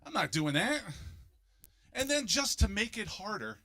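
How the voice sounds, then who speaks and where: Animated fifty-year-old Philly stand-up comic. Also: male voice, high-pitched, a little slow. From Philadelphia, United States. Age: 50s. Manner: animated, jumps into loud exaggerated voices for punchlines. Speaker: stand-up comedian. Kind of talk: stand-up comedy set.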